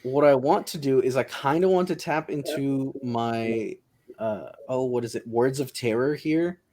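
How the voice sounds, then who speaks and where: A man's voice: medium pitch, measured pace, a little mellow. A man playing a tabletop game, thinking aloud and hesitant as he describes his character's plan. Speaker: player.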